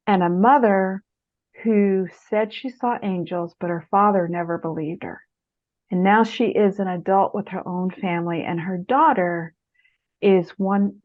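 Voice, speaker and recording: A middle-aged woman, an author, giving writing advice in an interview and acting out quotes with a lifted voice. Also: mid-range voice. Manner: animated storyteller, acts out quotes in a raised voice. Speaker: author and guest speaker. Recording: muffled lo-fi audio.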